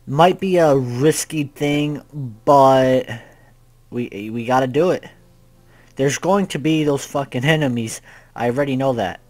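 A man's voice: medium pitch, a little slow. Rambling, swearing young gamer guy. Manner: rambling, swears a lot, panics loudly. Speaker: gaming youtuber. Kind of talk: casual gameplay commentary.

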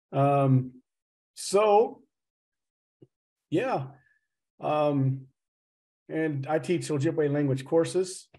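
A man's voice: fairly high pitch, warm tone. A middle-aged man from Oklahoma with a slight Southern drawl, a professor giving a casual, joking talk over a video call. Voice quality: chatty, teasing, loose and joking. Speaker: associate professor and speaker.

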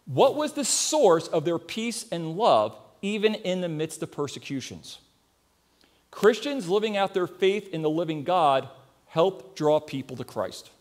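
Lively high-voiced preacher man. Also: unhurried. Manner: earnest, questioning the congregation, storytelling. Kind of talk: sermon.

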